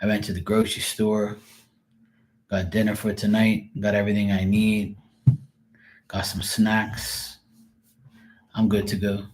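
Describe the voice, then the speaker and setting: A man's voice: lowish voice, flat delivery, moderate pace, a little mellow. A middle-aged man hosting a live stream, chatting casually and rambling through stories, acting out the people in them. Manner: rambling, storytelling with voiced quotes. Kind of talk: casual chat.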